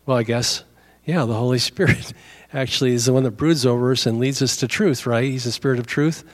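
A man's voice: medium pitch, fairly quick. A middle-aged male pastor giving a conversational sermon, telling a story and acting out both sides of the dialogue.

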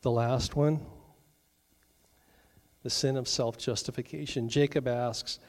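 A man's voice: mid-range voice, fairly even intonation, measured pace, pauses often, a little mellow. Conversational male pastor preaching a sermon. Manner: conversational, joking asides, acts out quoted voices.

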